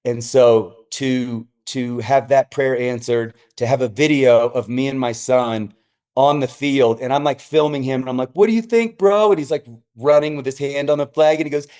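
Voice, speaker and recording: A man's voice: mid-range voice, normal speed. A middle-aged man, a senior pastor, telling stories as a guest in a casual podcast chat, acting out the voices of people he quotes. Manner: animated, acts out quoted voices.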